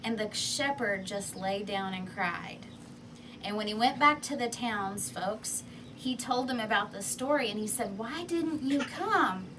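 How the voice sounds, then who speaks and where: A woman telling a children's fable with props, in an expressive and animated way. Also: medium pitch, measured pace. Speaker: storyteller. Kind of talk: children's story read aloud with props. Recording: distant mic, faint background noise.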